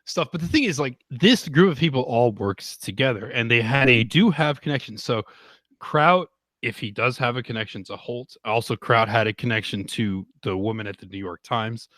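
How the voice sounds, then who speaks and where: A man talks in a dry, close recording, his voice at a middle pitch. He rants in long runs and climbs into loud, heated bursts. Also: lively intonation, moderate pace, no room sound. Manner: ranting, rising to loud outbursts. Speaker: podcast guest. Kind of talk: heated political talk on a livestream.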